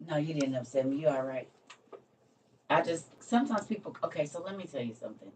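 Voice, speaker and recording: A woman's voice: deep voice, animated, fairly quick, a little mellow. A woman hosting a casual livestream, talking bluntly with her viewers and reading a devotional aloud. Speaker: livestream host. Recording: distant mic with faint background noise.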